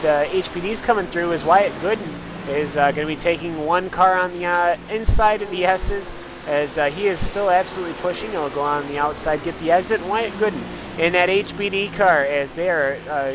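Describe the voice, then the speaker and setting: High-voiced man analyzing a sim race. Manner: rambling analysis with many filler uhs. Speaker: race commentator. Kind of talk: live sim racing commentary. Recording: noisy broadcast audio.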